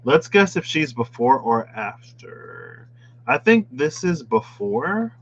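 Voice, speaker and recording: An unhurried man talks through a tarot deck in casual chat, his voice swinging up and down with playful asides. The recording sounds dull and lo-fi. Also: mid-range voice, big pitch swings, a bit bright, a little hiss or hum. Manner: chatty, musing aloud, playful asides. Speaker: tarot reader.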